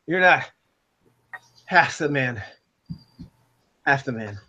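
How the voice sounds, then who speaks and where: A man's voice: mid-range voice, lively intonation, slow pace, pushed and bright, highs cut off, exaggerated voice. A man voicing a drunk, beaten-up, vain young nobleman who sneers disdainfully. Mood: sneering.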